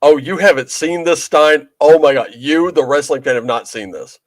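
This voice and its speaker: A man's voice: on the high side, normal speed, dry recording. A man co-hosting a podcast, chatting casually, laughing often and swearing freely. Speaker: podcast co-host. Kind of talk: casual chat.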